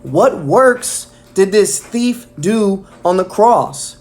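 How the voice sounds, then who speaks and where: A man's voice: high-pitched, expressive, drawn-out words, a little mellow. A man delivering a casual weekly devotional message, enthusiastic and filling his talk with "man" and "um". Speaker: preacher.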